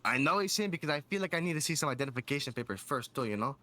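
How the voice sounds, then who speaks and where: A man's voice: a little high, animated, racing, bright, forceful tone. A man roleplaying a bounty hunter, talking in a rambling, earnest way full of "you know" and restarts. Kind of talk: in-character roleplay chat.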